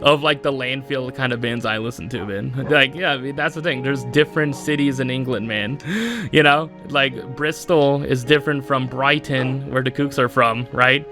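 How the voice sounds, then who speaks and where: A man's voice: mid-range voice, fairly even intonation, moderate pace, music in the background. A young man hosting a solo podcast, rambling casually with lots of fillers and frequent laughs. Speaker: podcast host.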